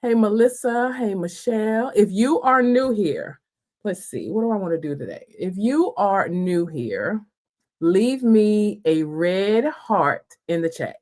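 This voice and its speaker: A woman's voice: medium pitch, lively intonation, a little slow, darkish tone. A friendly woman hosts a live stream and greets her viewers one by one. She talks in a loose, folksy way and calls people girl and honey. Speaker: livestream host.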